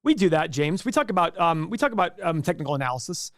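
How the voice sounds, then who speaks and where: A man's voice: a little high, sing-song, quick pace, dry recording, clean studio sound. A man hosting a casual live stream and answering viewer questions in a chatty, rambling way with frequent restarts. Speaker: livestream host.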